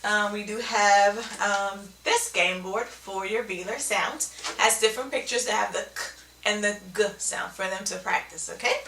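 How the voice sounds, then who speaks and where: A woman's voice: medium pitch, moderate pace, gravelly, bright, forceful tone, roomy sound, recorded from a distance, a little hiss or hum. A woman teaching speech sounds in an instructional video, explaining step by step and often checking in with "okay?".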